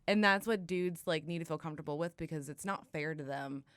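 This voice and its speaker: A woman's voice: low-pitched, brisk, fairly bright tone. Candid, cursing woman co-host. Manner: candid, swears freely, laughs often. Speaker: podcast co-host. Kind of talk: casual chat.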